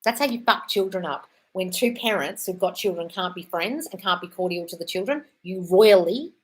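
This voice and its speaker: A woman's voice: on the low side, normal speed, slightly rough, low-quality recording. A woman in her thirties hosting a live Q&A, reading viewer comments and answering in a blunt, sweary way, calling people "darling". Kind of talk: casual live Q&A chat.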